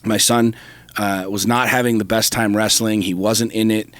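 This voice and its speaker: A man's voice: on the low side, level tone, moderate pace, fairly bright tone, no room sound. A middle-aged man, co-host of a talk show, telling a personal story with intense, profane emphasis that builds to fervor. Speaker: podcast co-host. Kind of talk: casual chat.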